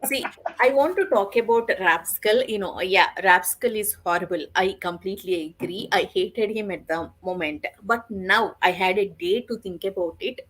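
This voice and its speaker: A woman's voice: mid-range voice, moderate pace, a bit bright, rough recording. A woman in a casual book discussion who states her opinions emphatically. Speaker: book club member.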